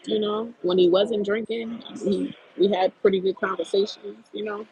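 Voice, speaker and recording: A woman hosting a live stream, venting bluntly and profanely in a casual, animated rant about dating. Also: mid-range voice, normal speed, slight background noise, rough recording. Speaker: lifestyle channel host on a live stream.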